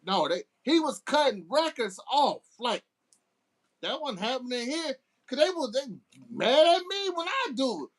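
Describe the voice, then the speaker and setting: A middle-aged man tells laid-back stories from his years as a DJ. His delivery is unhurried and his pitch rises and falls a great deal. He restarts his sentences often as he talks. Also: very animated. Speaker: guest DJ. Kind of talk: casual storytelling.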